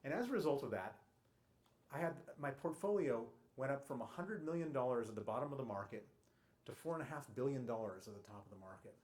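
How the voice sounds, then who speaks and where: A man addressing an audience at a public talk, storytelling in a punchy, emphatic way. He restarts his phrases often and slips in dry humour. His voice sits at an ordinary middle pitch. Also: lively intonation, fast, a little mellow. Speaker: guest speaker at a public talk. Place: college lecture hall.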